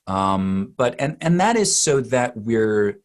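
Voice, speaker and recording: A man's voice: mid-range voice, big pitch swings, takes it slowly. A man working as a dialect coach, giving long, emphatic expert answers in an interview and often repeating words as he builds a point.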